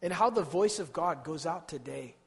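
A man preaching a sermon with passion, swinging from hushed tones to loud outbursts and repeating words as he builds. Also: fairly high pitch, animated, moderate pace, creaky. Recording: long hall reverb.

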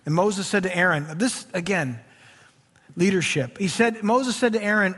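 High-voiced preacher in an echoey hall. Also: male voice, moderate pace, breathy edge. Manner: animated, chatty asides between verses. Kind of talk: sermon with scripture reading. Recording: reverberant hall.

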